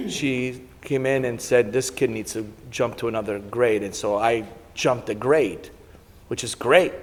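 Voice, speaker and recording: Middle-aged Italian-born man, guest speaker, animated anecdotes, recorded with hall reverb. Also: mid-range voice. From Italy. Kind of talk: storytelling talk to an audience.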